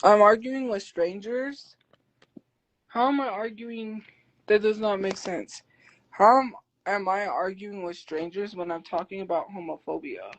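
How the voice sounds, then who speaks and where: Woman streamer, naturally loud, defensive and quick to argue with her chat; mid-pitched voice. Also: rough recording. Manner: talks loud by habit; defensive, argumentative. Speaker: livestreamer. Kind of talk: live stream chat replies.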